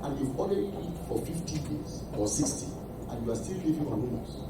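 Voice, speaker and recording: A man's voice: on the high side, animated, brisk, very noisy. A man preaching a sermon as pastor, emphatic and quizzing the congregation with questions. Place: church hall. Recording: echoey hall from far off.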